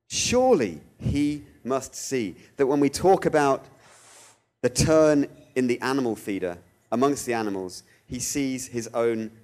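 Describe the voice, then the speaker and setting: A guest speaker gives a theological talk in an ordinary middle pitch. His delivery is animated and expressive: he tells stories with lively rises and acts out the voices of the people he quotes.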